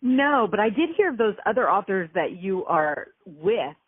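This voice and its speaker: A woman's voice: medium pitch, big pitch swings, normal speed, breathy edge, no echo. An American woman hosting an interview, chatting eagerly and gushing with lots of fillers. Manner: enthusiastic, gushing, many fillers. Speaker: podcast host. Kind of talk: casual interview chat. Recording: phone-like narrow audio.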